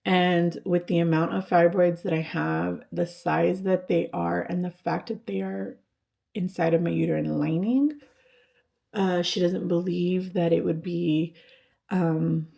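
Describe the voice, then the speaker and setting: A woman in her thirties talks to camera in a halting, hesitant way, full of fillers and false starts. Her voice is gravelly and mellow. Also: on the low side, level tone. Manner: halting, with many fillers and restarts. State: tearful, voice breaking at times. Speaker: vlogger. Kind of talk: personal vlog, talking to camera.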